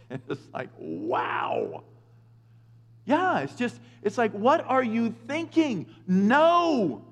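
High-voiced preacher man in an echoey hall. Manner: lively, joking, with quick asides. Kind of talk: conversational sermon. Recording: echoey hall with long reverb.

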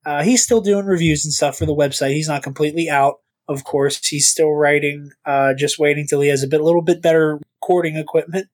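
A man's voice: fairly high pitch, steady tone, a little fast, hardly any pauses. A man hosting a podcast in casual chat, rambling and stammering, swearing now and then. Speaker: podcast host.

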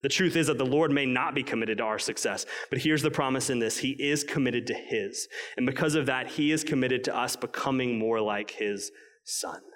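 A man preaching a sermon, earnest and emphatic, slowing down to stress key points. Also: mid-range voice, a bit bright. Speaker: pastor. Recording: long reverb of a large hall.

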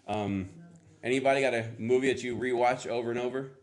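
A man's voice: medium pitch, steady tone, brisk. A middle-aged man preaching a casual sermon, rambling and chatty as he coaxes answers from the congregation. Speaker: pastor.

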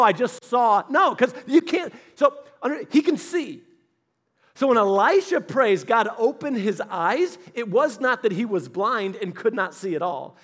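Male pastor, fairly high voice, lively sermon delivery, acts out the characters in his stories. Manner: animated, storytelling with acted voices, sudden loud emphasis.

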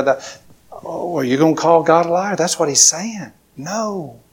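A man's voice: fairly high pitch, a little slow, breathy edge. A man preaching a sermon to a congregation, emphatic, with repetitions and call-and-response. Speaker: pastor.

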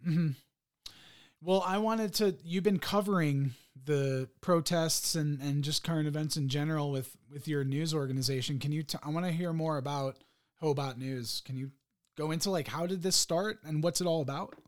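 A young man hosting a podcast in casual chat, eager and quick to laugh and cut in. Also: a little high. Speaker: podcast host.

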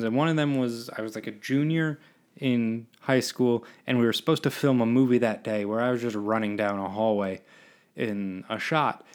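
A man, hosting a solo podcast and rambling between topics in a self-deprecating way. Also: medium pitch. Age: 20s. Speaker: podcast host.

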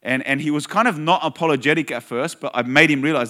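A man giving a sermon as a pastor, telling a personal story in an earnest, conversational way and slowing down to stress key phrases. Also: fairly high pitch, a bit bright.

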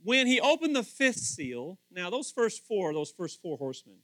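A man preaching with a high, lively voice that leaps between near-whispered asides and loud calls. His tone is bright and forceful, and the sound is dry and close. He keeps putting pointed questions straight to his congregation. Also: moderate pace, no room sound. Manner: animated, swings from hushed asides to shouting. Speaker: pastor. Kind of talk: sermon.

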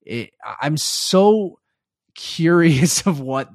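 A man's voice: on the high side, animated, takes it slowly, no echo, studio quality. A man co-hosting a podcast, laid-back and hesitant, often laughing as he chats. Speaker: podcast co-host. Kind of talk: casual chat.

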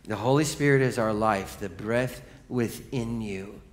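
A man preaching a sermon as pastor, telling stories and swinging from hushed lines to loud, excited ones. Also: lowish voice, unhurried. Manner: storytelling, animated.

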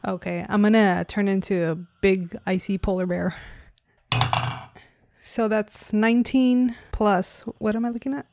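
A woman's voice: mid-range voice, fairly even intonation, a little slow, vocal fry, background noise. A woman player chatting casually at a tabletop game in an easygoing, thinking-aloud manner.

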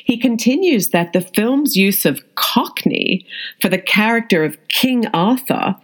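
A woman actor reading a scripted audio essay in a measured, deliberate way. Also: mid-range voice, lively intonation. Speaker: actor and media studies student.

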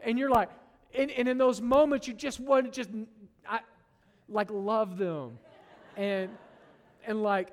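A man's voice: sits high, unhurried, long pauses. A middle-aged man preaching a sermon to his church, conversational and joking, tagging lines with "right?". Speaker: pastor. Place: church sanctuary. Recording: long reverb of a large hall.

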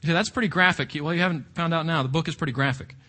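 A man teaching through a Bible book, animated and often asking his listeners questions. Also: fairly high pitch, rapid-fire. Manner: animated, asks the audience questions.

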